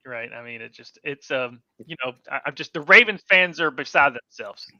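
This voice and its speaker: A man's voice: medium pitch, animated, normal speed, pushed and bright, no echo. A man co-hosting a fantasy football podcast, chatting casually, rambling and correcting himself as his voice trails off. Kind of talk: casual sports chat. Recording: dull, dry lo-fi mic.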